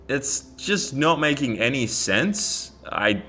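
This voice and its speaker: A man's voice: low voice, normal speed, pushed and bright, faint music behind. An Australian man telling a story in a casual vlog, bemused as he recounts chat messages. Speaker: YouTuber.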